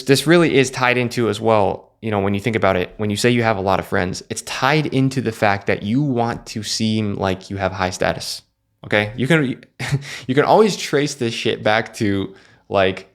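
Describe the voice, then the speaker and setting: A man's voice: fairly low pitch, vocal fry. A young man giving blunt motivational talk, loose and full of fillers and restarts. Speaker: self-improvement vlogger. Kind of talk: casual motivational monologue.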